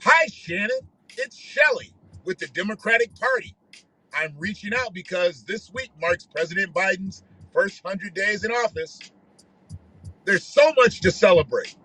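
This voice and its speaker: A man putting on the voice of an upbeat female political campaign worker reading a scripted pitch. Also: animated, measured pace, pushed and bright, husky, heavily acted, poor audio. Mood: chirpy.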